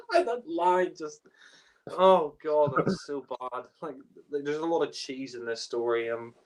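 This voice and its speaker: A man whose voice sits on the high side talks at a measured pace as a podcast co-host. In this laid-back chat reviewing a TV story, he laughs, curses, and rambles with many fillers.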